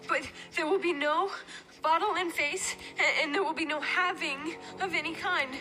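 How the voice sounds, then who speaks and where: A woman's voice: extremely high pitch, normal speed, low-quality recording. An actress playing a frightened, tearful teenage girl witch who stumbles nervously through her words in a TV drama scene, with a music score under her. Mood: tearful pleading. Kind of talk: TV drama dialogue.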